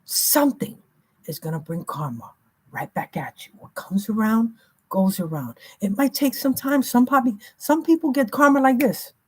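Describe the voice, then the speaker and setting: A woman's voice: fairly high pitch, lively intonation, moderate pace, darkish tone, husky. A woman giving an emphatic, repetitive spiritual reading in a slangy, casual way. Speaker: spiritual reader.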